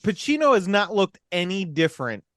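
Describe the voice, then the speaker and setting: A man's voice: high voice, sing-song, fairly quick, a bit bright, no room sound, clean studio sound. A man co-hosting a casual film podcast, talking emphatically with swearing and laughs while recapping a plot. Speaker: podcast co-host.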